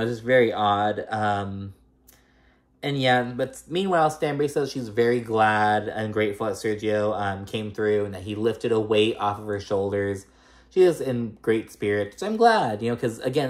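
A man casually recapping a reality show episode, rambling with lots of fillers like "like" and "girl". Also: lowish voice. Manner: chatty, filler-heavy retelling, full of 'like' and 'girl'.

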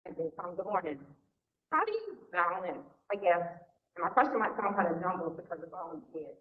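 A woman's voice: fairly low pitch, very animated, brisk. A woman in a church audience, emotional and hesitant, searching for words as she asks a question. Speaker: audience member asking a question. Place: church sanctuary. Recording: echoey, dull church recording.

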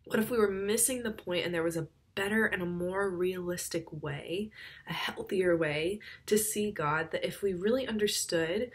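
A woman giving a conversational youth sermon, with wry, sarcastic asides. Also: lowish voice.

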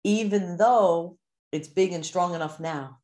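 A woman mindset coach giving an animated teaching talk to a course group, acting out the inner voices people hear. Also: on the low side, a little slow.

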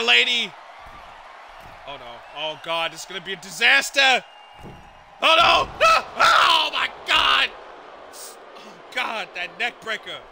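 A man calling a wrestling match as commentator, with excited play-by-play that keeps breaking into shouts, exclamations and swearing. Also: high voice, vocal fry, a little hiss or hum.

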